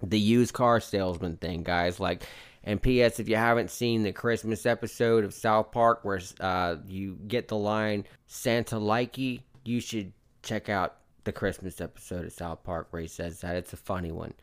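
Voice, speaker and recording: A man's voice: fairly low pitch, fairly even intonation, normal speed. A man co-hosting a casual movie review podcast, talking in a loose, profane, enthusiastic way. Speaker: podcast co-host.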